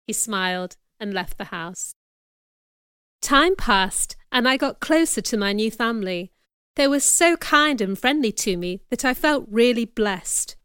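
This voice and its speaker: Woman narrator for a storybook audiobook, bright and crisp, measured first-person reading. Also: on the high side, expressive, no room sound, clean studio sound.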